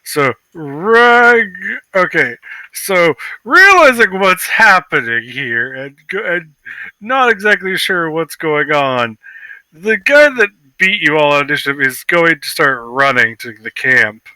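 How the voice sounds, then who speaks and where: Guy running a tabletop game, bright voice, talks slow and bouncy. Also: on the high side, clean tone, no room sound. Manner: animated, playful narration. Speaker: game master.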